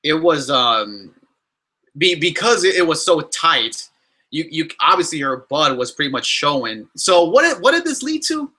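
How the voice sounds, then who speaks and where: A young man hosting a casual question-and-answer vlog, talking in an animated, exasperated way with many restarts and fillers. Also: a little high, normal speed. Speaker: YouTuber answering fan questions.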